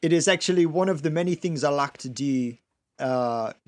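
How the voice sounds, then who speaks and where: A man co-hosting a podcast in casual chat, chatty and quick to laugh, sometimes repeating words as he restarts a sentence. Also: fairly high pitch, darkish tone. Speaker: podcast co-host.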